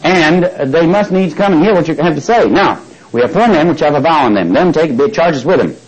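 A man's voice: fairly high pitch, expressive, fairly quick, husky, rough recording. A man preaching a sermon, retelling a scripture story, acting out its speakers and prompting the congregation to finish his lines, with frequent restarts.

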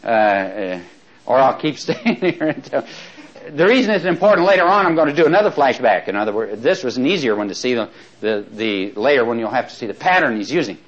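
A man teaching a Bible study class, talking in a chatty, animated way with asides and chuckles, slowing down to read verses aloud. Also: medium pitch. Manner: slows right down when reading verses aloud. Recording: dull lo-fi recording.

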